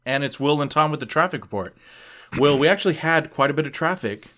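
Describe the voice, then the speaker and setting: A man's voice: on the high side, lively intonation, quick pace, bright, forceful tone. A man co-hosting a casual podcast, reading listener tweets aloud and rambling with many fillers. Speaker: podcast co-host.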